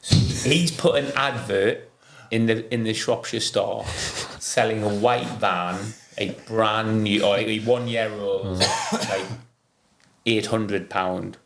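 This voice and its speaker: A middle-aged man hosting a casual podcast chat, telling stories with his pitch jumping up high when he gets excited. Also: takes it slowly, gravelly, slight background noise. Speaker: podcast host.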